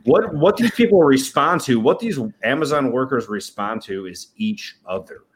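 A man's voice: mid-range voice, expressive, normal speed. A man in a casual podcast chat, talking in a heated, emphatic way and swearing freely.

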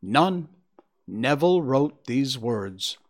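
A man putting on an earnest Victorian lady who won't let a question go, her voice swooping up high and dropping low as she pleads and insists, told like a storybook. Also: animated, takes it slowly. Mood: insistent. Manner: pleading, pressing for plain answers. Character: Victorian woman, anxious wife, earnest and insistent.

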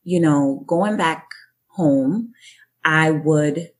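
A woman from Jamaica, a guest in an interview, telling personal stories in a thoughtful, measured way. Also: low-pitched. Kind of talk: reflective interview answer.

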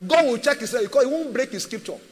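A man's voice: very high voice, expressive, quick pace, in a large hall. A man preaching a sermon as a pastor, emphatic and repetitive, firing rhetorical questions at his church.

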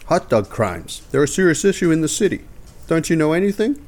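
A self-important male police chief , played by a man who lectures with pompous authority. His voice sits higher than usual and swings up and down in a lively way. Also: brisk. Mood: indignant.

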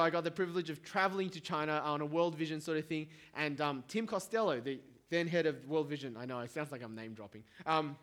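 A middle-aged man preaching a sermon as pastor, in a conversational, lively way with asides to the congregation. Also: on the high side.

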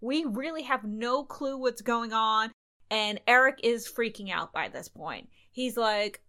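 A young adult woman co-hosting a travel podcast, telling stories in a lively way and acting out bits of dialogue. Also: fairly high pitch, normal speed. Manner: animated, recounts events with quoted dialogue. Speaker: podcast co-host. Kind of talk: casual travel storytelling.

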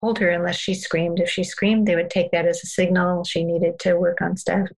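Woman guest, low gravelly voice, flat, earnest storyteller. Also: moderate pace, rough recording. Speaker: parenting guest expert. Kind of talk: storytelling in a podcast conversation.

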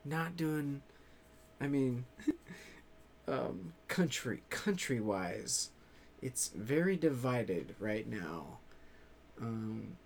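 A man chatting casually to his viewers in a rambling way, swearing freely and halting often on fillers. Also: mid-range voice, sing-song, vocal fry, a little hiss or hum. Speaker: vlogger.

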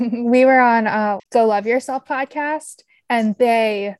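A woman's voice: fairly high pitch, steady tone, slow, a little mellow, dry recording. A woman co-hosting a podcast in casual chat, giggly and rambling, poking fun at herself. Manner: giggly, rambling, self-deprecating. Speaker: podcast co-host.

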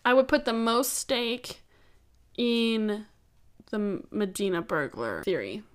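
A woman's voice: mid-range voice, lively intonation, takes it slowly, clear, resonant tone. A woman co-hosting a true-crime podcast, talking through theories in a loose, chatty way and laughing easily. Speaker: podcast co-host. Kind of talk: casual true-crime chat.

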